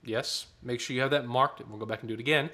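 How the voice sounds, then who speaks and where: This choir director runs an online rehearsal with a piano close by, walking through the tenor lines and counting rhythms. He speaks quickly in a mid-range voice, keeping a steady but sharp tone. His manner is instructive, and he sings and counts the parts out loud.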